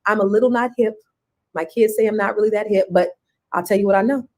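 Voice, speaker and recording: A woman's voice: medium pitch, fast. Enthusiastic female talk-show co-host. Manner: affirming, enthusiastic, repeats phrases for emphasis. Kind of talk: casual chat.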